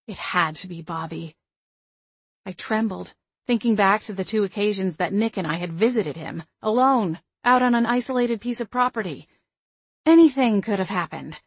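Woman, audiobook narrator, first-person, steady and even, mid pitch, dry close sound. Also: moderate pace, breathy edge, no room sound.

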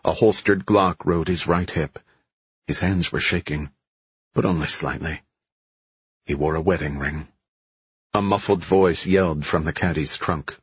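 Man, very deep voice, husky, steady thriller narration, dry dull recording. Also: no echo. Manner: measured, steady thriller reading. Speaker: audiobook narrator. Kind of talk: scripted narration.

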